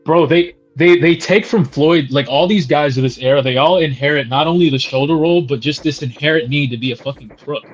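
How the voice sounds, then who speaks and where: A man's voice: on the high side, a little fast, hardly any pauses, soft background music. Blunt man on a dull lo-fi mic. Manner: blunt, profane. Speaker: podcast co-host. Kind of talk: casual boxing chat.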